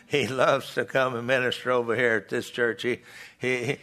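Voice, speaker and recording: A man's voice: mid-range voice, steady tone, a little fast, pushed and bright. An older man preaching a folksy sermon in a church, stumbling into restarts and tossing out call-and-response asides to the congregation. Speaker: pastor.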